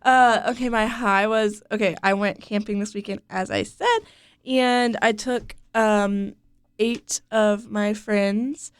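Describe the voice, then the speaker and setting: A young woman co-hosts a relaxed podcast chat in a sleepy morning voice. She rambles, giggles and drops plenty of fillers. Her voice sits in the middle of the range and sounds close and dry on the mic. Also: mid-range voice, takes it slowly, clear, resonant tone, no echo. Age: young adult. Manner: bubbly, giggly, lots of fillers. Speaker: co-host. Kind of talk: casual chat.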